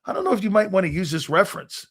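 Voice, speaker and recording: A middle-aged man hosting a sports talk show, telling a profane, animated story and acting out the other voices. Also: high voice, very fast, vocal fry, husky. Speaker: sports talk radio host.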